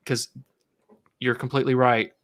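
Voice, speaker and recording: A man's voice: mid-range voice, level tone, moderate pace, fairly bright tone. A man co-hosting a live movie podcast, talking casually and rambling through his points. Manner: rambling, many fillers and restarts. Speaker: podcast co-host.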